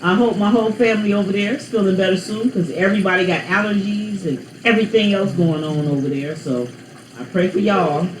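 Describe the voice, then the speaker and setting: A woman vlogger talking at home in a loose, joking ramble, teasing family and friends as she goes. Her voice sits at an ordinary middle pitch and rings off the walls of an echoey room, with a faint hiss of running water behind her. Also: a little fast. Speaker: vlog host. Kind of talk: casual chat to viewers.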